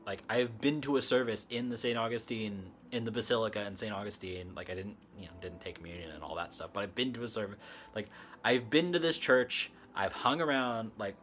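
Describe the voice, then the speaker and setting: A man's voice: on the low side, brisk, fairly bright tone, a little hiss or hum. A man hosting a casual livestream chat, telling a story in a rambling way, laughing often and using plenty of fillers. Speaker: livestream host.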